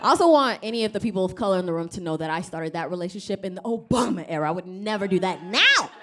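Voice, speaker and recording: A woman's voice: on the low side, expressive, fast, background noise. A woman in her thirties, originally from Rwanda, doing a stand-up comedy set on a club stage, chatting with the crowd and acting out other people in raised voices. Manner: conversational, frequent "you know?", quoting people in raised voices.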